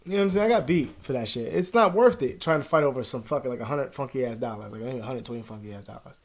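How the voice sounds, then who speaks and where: A young man talking casually to the camera at home, rambling and swearing, his voice sinking to a mutter and then jumping up loud. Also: mid-range voice, fast talker. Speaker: vlogger. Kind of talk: casual confessional talk to camera.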